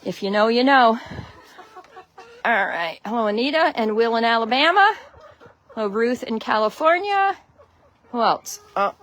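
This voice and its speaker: A woman's voice: a little high, a bit bright, a little hiss or hum. A woman from Connecticut with a Connecticut accent chats loosely through a phone livestream outdoors in her snowy chicken run. She greets her viewers one by one and laughs easily. She is a friendly, rambling host who keeps the talk going as she walks. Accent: Connecticut (American). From Connecticut, USA. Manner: chatty, greets viewers by name, laughs often. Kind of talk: casual live stream chat.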